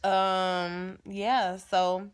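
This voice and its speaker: A young woman vlogger giving a sassy, animated, chatty recap of a TV episode. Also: mid-range voice, extremely slow, smooth.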